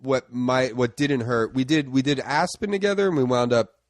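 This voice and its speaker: A man talks as a podcast guest in a relaxed, mumbly way, his sentences drifting and trailing off. His voice sits at a middling pitch, recorded dry and close with no room sound. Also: normal speed, dry recording. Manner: laid-back, mumbly, trails off. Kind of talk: casual podcast chat.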